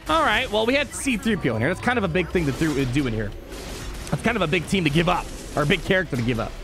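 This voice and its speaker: A young man giving live gameplay commentary as a streamer, talking to his chat and shifting quickly between calm and excited. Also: a little high, creaky, music in the background. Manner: excitable, talks to chat, quick mood swings.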